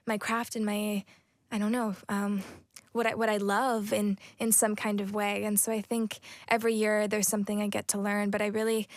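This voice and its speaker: Soft-spoken American woman, flat delivery. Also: medium pitch, dry recording, clean studio sound. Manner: soft-spoken, thoughtful, with many fillers and restarts. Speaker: actress, interview guest. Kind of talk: casual interview chat.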